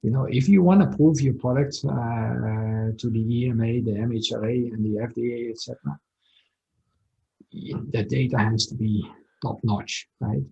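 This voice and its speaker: A company founder talks through his work in an interview, full of pauses and filler sounds. His voice is mellow with a gravelly fry. The call audio is dull and lo-fi. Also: medium pitch. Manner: hesitant, many fillers. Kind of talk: business interview.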